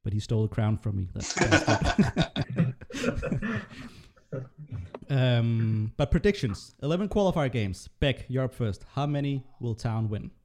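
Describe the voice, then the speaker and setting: A man hosting a relaxed panel chat, talking loosely with lots of ums and quick laughs. His voice is mellow and warm, run through a voice-changing program. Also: mid-range voice. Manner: chatty, frequent fillers and laughs. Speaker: podcast host. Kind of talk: casual panel discussion.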